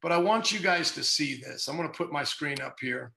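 High-voiced fervent preaching man. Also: lively intonation, fairly quick, vocal fry, bright, forceful tone, reverberant, poor audio. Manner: fervent, sarcastic, rambling. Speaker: pastor and podcast host. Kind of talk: casual preaching podcast.

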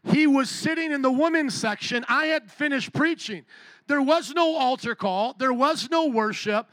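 A male pastor preaching a sermon, telling a story with lively energy and questions to the congregation. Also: very high-pitched, moderate pace, no room sound. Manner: animated storytelling, talks to the congregation. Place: church.

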